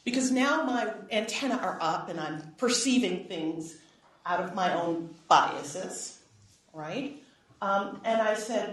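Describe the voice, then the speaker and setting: A middle-aged woman giving a public lecture, telling a personal story with lively acted-out dialogue and frequent "right?" asides. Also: mid-range voice, moderate pace, a little hiss or hum. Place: lecture hall. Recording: echoey hall, voice from far off.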